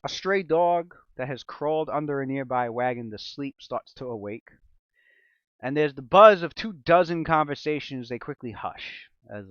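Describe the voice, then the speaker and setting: Casual-talking male game master, swears a lot, very lively pitch, flat lo-fi sound. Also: smooth, dry recording. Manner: profane, laughs often, mixes loose chat with dramatic description. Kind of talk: tabletop game narration, casual.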